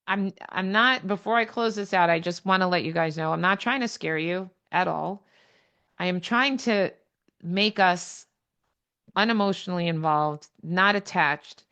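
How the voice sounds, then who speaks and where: A woman leading an online real estate training on a video call, frank and plain-spoken, with quick blunt asides. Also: on the low side, a bit bright, clear, resonant tone, highs cut off. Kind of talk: online training session talk. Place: home or office on a video call.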